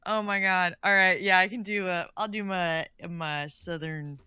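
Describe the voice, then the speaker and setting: Excitable woman with a low voice. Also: a little slow, slight background noise. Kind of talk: casual stream chat.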